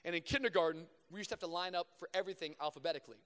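High-voiced preacher in a big hall. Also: male voice, a bit bright. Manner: shifts between fast casual storytelling and slow emphatic preaching. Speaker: pastor. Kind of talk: sermon with storytelling. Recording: long reverb of a large hall.

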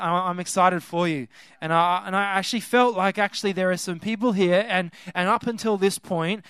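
A young male preacher with a high, clear, resonant voice speaks to a youth conference. He is lively and keeps stumbling into restarts and fillers. The sound is dry, with little room echo. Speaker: guest preacher. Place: conference hall with live audience.

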